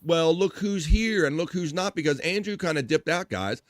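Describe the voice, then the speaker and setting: A man's voice: on the high side, lively intonation, moderate pace, very noisy. A man hosting a live stream, joking loosely and reading viewer comments aloud, with mild swearing. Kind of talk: casual live stream chat.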